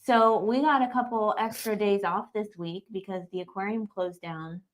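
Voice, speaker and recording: A woman co-hosting a livestream, chatting casually and easygoing, pausing with frequent filler ums. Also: mid-range voice, steady tone. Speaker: livestream co-host. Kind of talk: casual chat.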